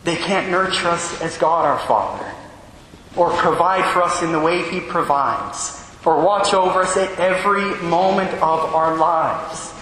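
A priest preaching a sermon, telling stories from his own life with quick, animated asides. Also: fairly high pitch, a little hiss or hum. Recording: echoey hall with long reverb.

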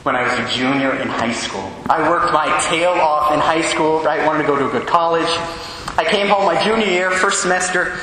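A priest preaching a sermon, telling stories from his own life with quick, animated asides. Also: fairly high pitch, noisy background. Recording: echoey hall with long reverb.

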